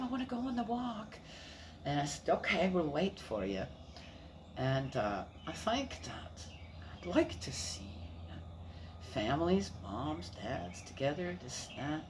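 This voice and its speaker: Older woman, grandmother, casual rambling chat, animated pitch, background noise. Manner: rambling, warm storytelling with laughs and repeated fillers. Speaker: grandmother sharing family life.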